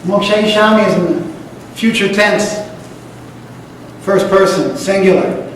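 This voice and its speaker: A high-voiced man from the United States lectures on scripture with emphatic repetition, now and then chanting Sanskrit lines. He sounds distant from the mic, and his voice rings through a large hall with a long, echoey reverb. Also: slow, pauses often, a bit bright, a little hiss or hum. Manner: emphatic, repeats key phrases, chants Sanskrit verses. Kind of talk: religious lecture.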